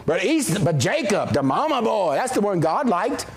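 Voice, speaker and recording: Man, middle-aged pastor, high voice, very animated pitch, folksy joking sermon. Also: normal speed. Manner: folksy, joking, calls out amen to the congregation. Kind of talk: sermon with scripture reading and prayer.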